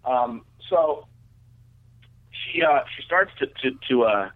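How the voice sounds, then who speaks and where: On a radio show, a male guest tells a long, crude personal story, rambling loosely with lots of "like" and restarts. His medium-pitched voice has lively intonation and a slow pace, heard through phone-like radio audio.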